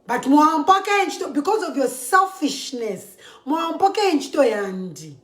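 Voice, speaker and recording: Zambian woman, high voice, fervent commentator in an echoey room. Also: sing-song, a little slow. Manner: mixes English with local language, keeps asking "eh?". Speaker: social media commentator. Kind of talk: impassioned political monologue.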